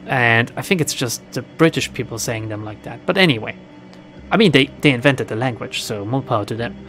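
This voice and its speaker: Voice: mid-range voice, brisk, fairly bright tone, soft background music. A streamer playing a role-playing game, thinking aloud in casual, self-deprecating commentary. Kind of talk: casual let's-play commentary.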